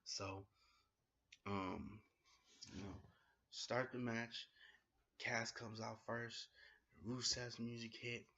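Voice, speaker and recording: A man giving a casual spoken review of a wrestling show, retelling it in an excitable, slangy way with plenty of fillers. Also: medium pitch, extremely slow, long pauses, muffled recording.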